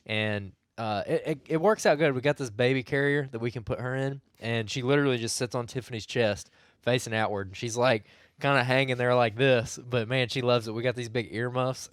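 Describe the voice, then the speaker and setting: A man, co-hosting a podcast and telling a hunting story in a chatty, animated way. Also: medium pitch, clean tone, no echo, clean studio sound. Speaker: podcast co-host. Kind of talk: casual chat.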